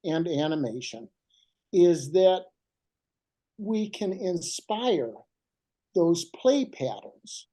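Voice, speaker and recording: An older man, a guest writer, telling heartfelt stories in an animated, emotional way and slowing down for emphasis. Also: high-pitched, poor audio. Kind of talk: heartfelt storytelling.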